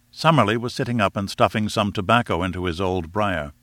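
A man reading an adventure novel aloud as narrator, in a measured, steady storytelling manner. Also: fairly low pitch, no room sound. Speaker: audiobook reader. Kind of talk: scripted narration.

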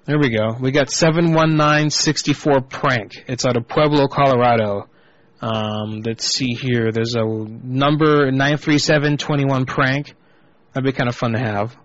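A man's voice: medium pitch, fairly even intonation, unhurried. A man hosting a live prank call show, talking casually with frequent swearing and rambling asides. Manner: profane, rambling, off-the-cuff. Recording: muffled lo-fi internet radio.

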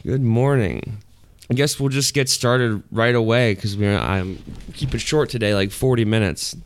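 A man's voice: lowish voice, normal speed, clean tone, no room sound. A man hosting a podcast in loose, profane, casual chat, laughing often. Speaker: podcast host.

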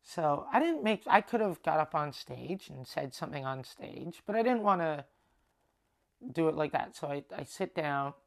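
A man's voice: on the high side, moderate pace, gravelly. A young Canadian man hosting a podcast, telling a long rambling story with lots of swearing and acted-out dialogue. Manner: rambling, animated, swears freely, acts out quoted dialogue. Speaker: podcast host. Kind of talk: casual storytelling monologue.

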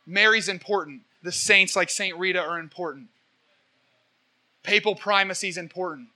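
A young man giving an impassioned question-and-answer talk as a Catholic evangelist, rambling through energetic, preachy stories. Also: high-pitched, normal speed.

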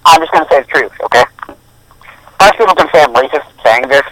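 A man's voice: a little high, lively intonation, fast, sharp tone, rough recording. A young man co-hosting a podcast, rambling and opinionated in casual chat. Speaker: podcast co-host.

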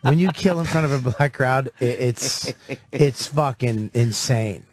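A man, a stand-up comedian, telling animated and profane stories in casual radio chat. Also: medium pitch, unhurried.

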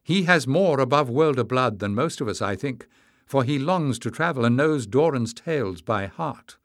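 A man reading an audiobook voices a calm, firm woman who leads her village, speaking in a measured and dignified way. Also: medium pitch, no room sound, clean studio sound, pitched above the performer's own voice, close to an everyday voice. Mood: composed.

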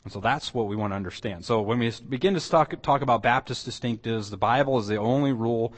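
A man's voice: medium pitch, fast. A male pastor teaching a church class in a conversational way, asking his listeners questions. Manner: conversational, asks the room questions, restarts phrases. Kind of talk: sermon teaching, closing in prayer.

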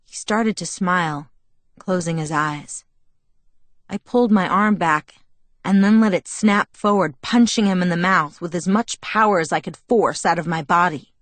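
A woman narrating a first-person novel as an audiobook, measured and expressive. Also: lowish voice, dry recording.

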